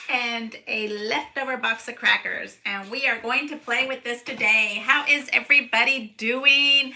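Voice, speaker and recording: A woman's voice: a little high, noisy background. A middle-aged woman hosting a paper crafting live stream from her home craft room, chatting in a bubbly way and greeting viewers by name. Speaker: paper crafting livestream host. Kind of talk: casual live-stream chat.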